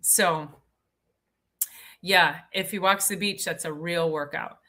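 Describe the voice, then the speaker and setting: Bright, chatty woman host. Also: lowish voice, steady tone, slow. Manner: chatty, enthusiastic, many fillers. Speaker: health show host. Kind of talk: live Q&A and personal storytelling.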